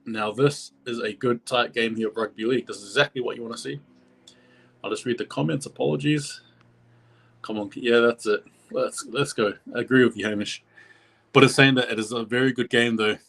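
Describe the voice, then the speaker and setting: A man's voice: mid-range voice, fairly even intonation, fairly quick, vocal fry, fairly bright tone. A man giving live play-by-play commentary on a match as a stream host, rambling and correcting himself, his voice jumping up at big plays.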